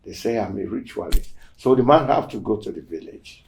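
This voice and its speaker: A man hosting a show, casually telling a testimony story and acting out the quoted dialogue, swinging between loud emphasis and near-whispered asides. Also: fairly low pitch, animated, a little fast, creaky, a little hiss or hum. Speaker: show host.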